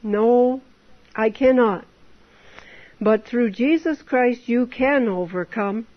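A woman delivers a sermon in a fairly high voice, earnest and exhorting as she piles up rhetorical questions. The recording is dull and lo-fi. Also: takes it slowly. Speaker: preacher. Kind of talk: temperance sermon.

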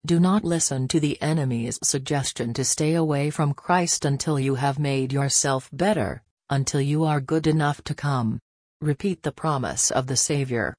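A woman giving a scripted devotional reading in a measured, solemn way. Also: extremely low pitch, a little mellow, no room sound, clean studio sound. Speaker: reader of a devotional text.

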